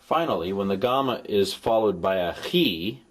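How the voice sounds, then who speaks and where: A man's voice: lowish voice, animated, moderate pace. A man recording a language lesson as a tutor, explaining patiently and dropping playful, jokey asides to his students. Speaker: Greek tutor.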